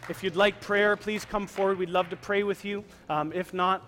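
A man's voice: high voice, fairly even intonation, normal speed, hardly any pauses, sharp tone, soft background music. Exhorting male pastor in a reverberant church. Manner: repetitive, exhortative preaching with call-and-response. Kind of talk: sermon. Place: church sanctuary. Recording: long hall reverb.

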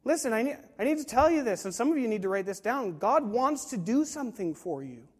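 A man's voice: very high voice, big pitch swings, a little fast, husky. A man preaching a sermon to a congregation, emphatic and full of rhetorical questions. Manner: emphatic, rhetorical questions, acts out quoted voices. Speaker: pastor. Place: large room with a live congregation. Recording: long hall reverb.

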